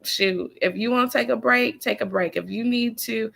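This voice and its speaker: Woman coach, faith-driven pep talk, folksy and preachy, slight fry in the voice. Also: on the high side, normal speed, a bit bright. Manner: preachy, emphatic, repeats key phrases; folksy, addresses listeners as y'all and honey. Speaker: business coach and author. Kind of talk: faith-based motivational talk.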